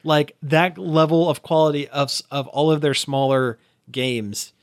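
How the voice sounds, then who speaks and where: A man's voice: a little high, steady tone, measured pace, no echo. Rambling casual man, dry close sound. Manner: rambling, heavy on "like" fillers. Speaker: podcast co-host. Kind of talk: casual chat.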